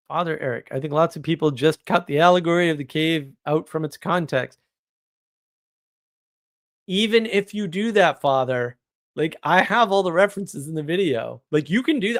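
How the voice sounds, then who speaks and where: A man's voice: fairly high pitch, fairly bright tone, dry recording, clean studio sound. A man hosting a casual livestream, reading viewer comments aloud and answering them in a wry, argumentative way, laughing often. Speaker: livestream host.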